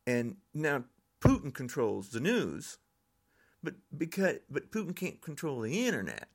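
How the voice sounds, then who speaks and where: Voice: mid-range voice, big pitch swings, measured pace. An older podcast host in a frustrated, angry political rant.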